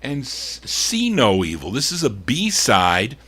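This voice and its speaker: A man's voice: medium pitch, huge pitch swings, slow pace, a crowd in the background. A man hosting an oldies record show, chatting casually about each record, reading label details aloud and stumbling now and then as he corrects himself. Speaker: radio show host. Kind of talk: casual record-spinning DJ patter.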